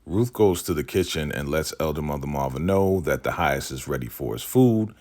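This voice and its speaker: A man with an extremely low, rumbling voice talks through a TV episode in a relaxed, slangy vlog style. He leans on "like" and casual phrasing and keeps the tone loose and conversational. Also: brisk. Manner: slangy, loose, says "like" constantly. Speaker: vlog host recapping a TV episode.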